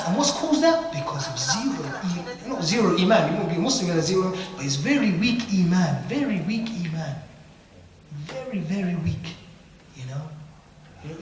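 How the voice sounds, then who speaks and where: Animated man teaching, echoey hall. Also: high voice. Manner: animated, acts out dialogues, uses Arabic phrases. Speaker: ruqya teacher. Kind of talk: informal religious lecture. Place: mosque hall. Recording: echoey hall from far off, faint noise.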